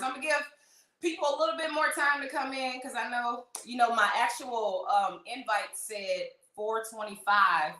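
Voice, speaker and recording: A high, bright woman's voice with a slight tremble as she excitedly greets livestream viewers one by one. She gushes and lingers on her words, sounding close to overwhelmed. The sound is roomy and echoey, picked up by a phone or laptop mic. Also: moderate pace. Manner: greets viewers by name, gushing and emotional. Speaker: livestream host.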